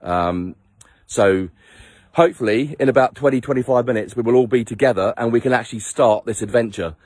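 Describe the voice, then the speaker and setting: A man's voice: medium pitch, fairly quick, darkish tone, dry recording. A man leading a charity motorbike trip, talking to his handheld phone camera outdoors on a headland, chatty and rambling, tired from little sleep. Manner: rambling, self-mocking, chatty. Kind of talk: casual vlog to camera.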